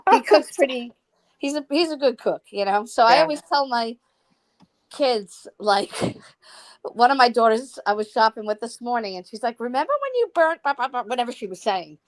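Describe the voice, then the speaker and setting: A woman joining a livestream chats casually and laughs between her sentences. Her voice sits a little high, and she talks in a loose, rambling way. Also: moderate pace. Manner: chatty, laughing, with fillers. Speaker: guest caller. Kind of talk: casual chat.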